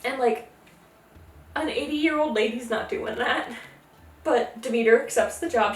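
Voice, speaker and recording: A woman hosting a casual, jokey retelling of a myth, slipping into quick character voices. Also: on the high side, roomy sound, distant mic. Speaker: podcast host. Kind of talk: casual tipsy mythology retelling.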